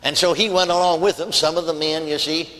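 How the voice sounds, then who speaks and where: A man's voice: a little high, steady tone, brisk, bright, forceful tone. A man preaching a sermon, telling a story in a folksy, emphatic way. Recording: long hall reverb.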